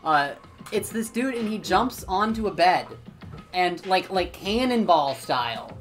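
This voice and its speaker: Female streamer, casual and giggly, animated voice over loud game music. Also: lowish voice, measured pace. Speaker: streamer playing a game with friends. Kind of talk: casual let's-play chat.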